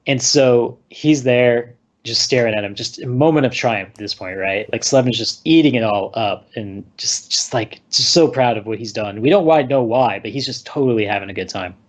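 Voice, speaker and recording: A man co-hosting a movie podcast, casually retelling the plot in a rambling way and acting out lines with quick laughs. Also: mid-range voice. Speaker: podcast co-host recapping a movie. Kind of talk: casual chat. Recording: slightly dull lo-fi recording.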